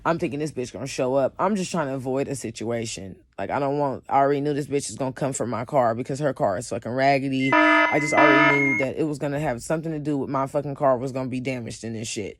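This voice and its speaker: A woman's voice: a bass voice, slight background noise. Emphatic, profane woman telling a story. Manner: swings from loud outbursts to quiet, shaken admissions. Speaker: cosmetics vendor. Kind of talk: storytime vlog.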